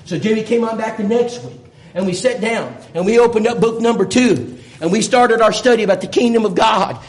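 A man's voice: high voice, brisk. A man preaching, telling a folksy story and voicing the people in it. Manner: folksy, animated storyteller voicing quoted dialogue. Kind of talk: storytelling sermon. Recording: echoey room with faint background noise.

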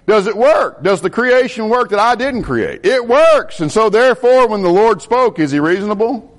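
A middle-aged man, a pastor preaching a sermon in an animated way and asking the congregation questions. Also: high-pitched, normal speed.

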